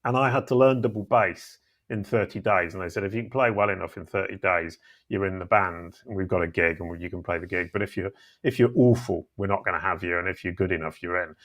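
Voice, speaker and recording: A middle-aged man chatting as a guest, telling stories in a relaxed, self-deprecating way. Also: low-pitched, brisk. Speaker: podcast guest. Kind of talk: casual conversation.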